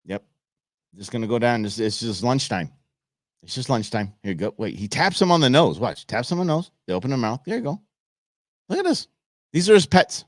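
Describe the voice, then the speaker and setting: Brief: a male live-show host, animated and joking, with a lively voice recorded dry and close. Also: medium pitch, a little fast, dry recording. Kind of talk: live show commentary on videos.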